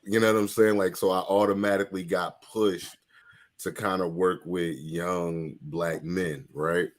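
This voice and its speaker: A man's voice: deep voice, steady tone, measured pace. A man who works as a therapist, speaking candidly in a casual podcast discussion.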